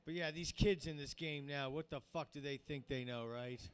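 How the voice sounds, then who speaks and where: A man's voice: a little high, moderate pace, clean tone. A man in his fifties hosting a small comedy show, introducing acts with crude, rambling jokes. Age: 50s. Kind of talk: stand-up emcee banter.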